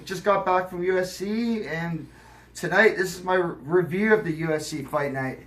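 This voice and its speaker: A man's voice: high-pitched, normal speed, a little hiss or hum. A man giving a rambling, profane comic sports report from an indoor arena at a fight event. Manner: rambling, crude, swears constantly. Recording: loud crowd and music behind. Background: loud arena crowd and music.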